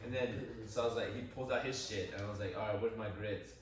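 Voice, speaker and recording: A man's voice: fairly low pitch, fairly even intonation, fast talker, a little hiss or hum. Young man, casual storytelling, rambling, profane, echoey room, distant mic. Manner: rambling, profane, laughing often, repeats "I was like". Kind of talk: casual storytelling among friends.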